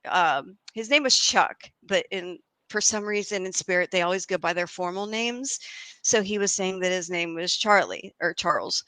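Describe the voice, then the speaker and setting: A woman's voice: medium pitch, dry recording. A woman guest on a video call, animatedly telling a story with lots of fillers. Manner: animated, chatty with many fillers. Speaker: guest medium.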